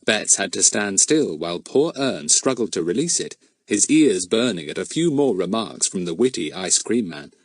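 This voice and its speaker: Man narrating a storybook, very expressive. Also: fairly low pitch, moderate pace, no echo. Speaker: audiobook narrator. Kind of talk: scripted narration.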